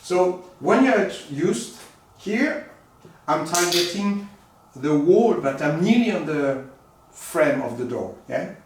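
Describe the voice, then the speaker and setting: A man giving a live demonstration lesson as a teacher, animated and coaxing, in a room at home. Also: on the high side, slow pace, background noise. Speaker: echolocation teacher. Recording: very echoey room, far from mic.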